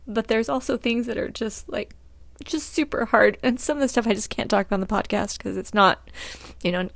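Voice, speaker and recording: A female podcast host talks candidly and casually about her life, laughing often, using fillers and restarts, and getting a little choked up. Her voice is a little high with vocal fry, recorded with no echo.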